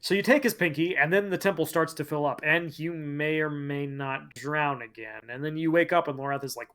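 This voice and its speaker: Podcast host, higher-pitched man, lively recap with quoted voices. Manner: animated storyteller who slips into quick quoted voices. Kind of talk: casual retelling of a game story.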